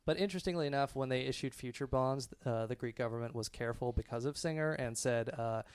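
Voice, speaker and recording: A man's voice: mid-range voice, fast talker, clean tone, no echo. A man co-hosting a podcast, ranting sarcastically with many fillers. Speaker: podcast co-host. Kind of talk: casual chat.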